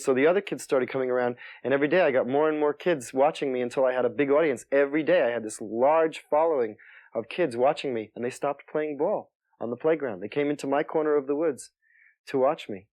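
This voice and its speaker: A soft-spoken male comedian telling stories in an interview, halting and restarting as he talks. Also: mid-range voice, dry recording. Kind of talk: interview storytelling.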